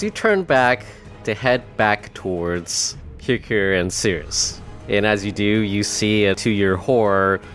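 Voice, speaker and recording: A man's voice: fairly low pitch, fairly bright tone. A man narrating a tabletop game as dungeon master, casual and self-correcting with chuckles.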